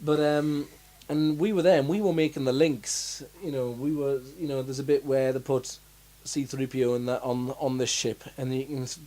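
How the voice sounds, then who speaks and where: A man's voice: mid-range voice, steady tone, normal speed, hardly any pauses, mellow. A young man co-hosting a casual chat about films, rambling with lots of fillers and restarts. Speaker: podcast co-host.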